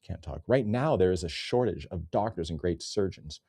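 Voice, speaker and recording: A man's voice: sits low, expressive, normal speed, warm tone, slightly rough, no echo, clean studio sound. A man ranting in a sarcastic, rambling comedy commentary, cursing often.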